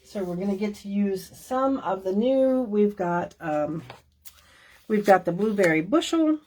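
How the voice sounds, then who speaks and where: A woman's voice: medium pitch, expressive, measured pace, darkish tone, a little hiss or hum. A middle-aged woman hosting a crafting class, talking casually and folksily with many fillers and asides. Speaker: stamping demonstrator hosting a class. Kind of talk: casual craft show-and-tell.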